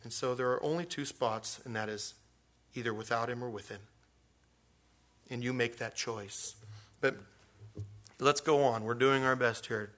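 A man's voice: mid-range voice, unhurried, long pauses, a bit bright. A man preaching a sermon in a folksy, rambling way, full of restarts and stories. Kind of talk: storytelling sermon.

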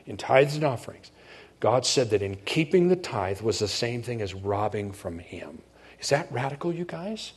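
A man's voice: fairly low pitch, sing-song, normal speed, husky. A middle-aged man preaching a sermon as pastor, talking conversationally and checking in with his congregation.

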